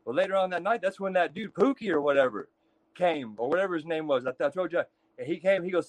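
Guest storyteller, man from Texas, high voice, dry close sound, profane and animated. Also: fast, no echo. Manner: profane, animated storyteller acting out other inmates. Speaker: guest telling prison stories. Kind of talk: casual storytelling.

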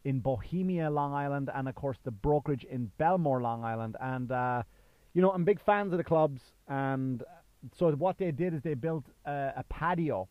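A man's voice: mid-range voice, normal speed, no echo, phone-quality sound. Chatty Irish man, rambling podcast monologue. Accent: Irish, worn down by years in the US. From Ireland. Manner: rambling, chatty, lots of fillers and restarts. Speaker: podcast host and stand-up comedian. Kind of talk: casual solo podcast monologue.

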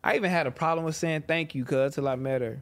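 High-voiced joking man, casual chat. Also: fast talker, heavy background noise. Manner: joking, blunt, slangy. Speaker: father and co-host.

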